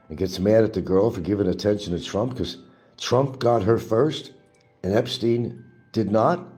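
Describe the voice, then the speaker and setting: A man with a fairly low, darkish voice hosts his own livestream, delivering an angry, profane, mocking political monologue.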